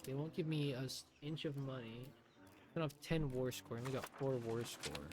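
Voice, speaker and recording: A man's voice: mid-range voice, expressive, normal speed, background noise. Sarcastic man streaming a strategy game. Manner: sarcastic, talking to himself, swearing. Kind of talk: live gameplay commentary.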